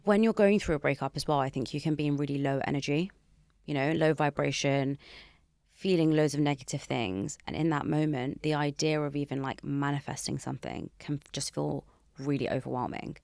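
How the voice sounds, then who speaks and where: A woman hosting a podcast, chatting casually and gushing warmly with her guest. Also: low voice, fairly even intonation, brisk, gravelly, no echo, clean studio sound. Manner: gushing, emotional, laughs easily. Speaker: podcast host. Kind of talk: casual interview chat.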